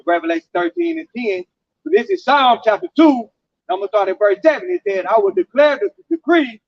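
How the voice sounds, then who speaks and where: A man at an informal scripture discussion, speaking haltingly and reading verses aloud. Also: extremely high pitch, creaky, no room sound, muffled recording. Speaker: camp speaker.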